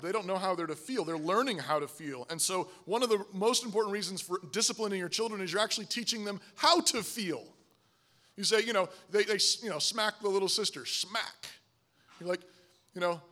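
A man preaching a sermon, emphatic, often asking "Right?", swinging from loud stresses to low, quiet asides. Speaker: pastor.

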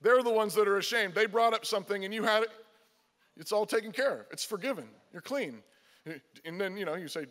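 A man with a high-pitched voice preaches to his congregation, earnest and emphatic. He repeats key phrases and voices imagined exchanges. His words ring out with a long reverb through a church sanctuary. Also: brisk, fairly bright tone. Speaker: pastor. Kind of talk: sermon.

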